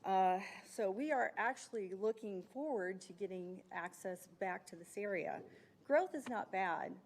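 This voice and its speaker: A woman giving a measured, slightly halting public comment at a county meeting podium, with occasional fillers. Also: medium pitch, animated.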